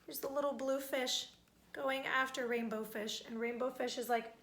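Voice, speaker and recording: Bright-voiced woman reading a storybook aloud. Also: high-pitched, moderate pace. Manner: warm, animated, talks to kids directly. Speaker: children's librarian reading aloud. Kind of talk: children's read-aloud.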